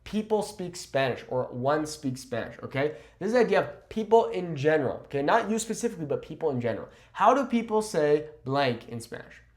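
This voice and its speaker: Lively man teaching in an echoey room. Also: on the high side. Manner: lively, says "okay?" often, slows down to model phrases. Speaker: Spanish teacher. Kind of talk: casual video lesson.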